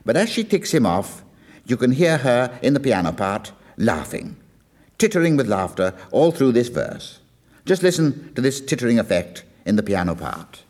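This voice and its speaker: A man's voice: mid-range voice, big pitch swings, normal speed, darkish tone. A man lecturing on a song, telling its story in a storytelling manner and acting out the quoted lines. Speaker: music lecturer. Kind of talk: explaining a song with acted quotes.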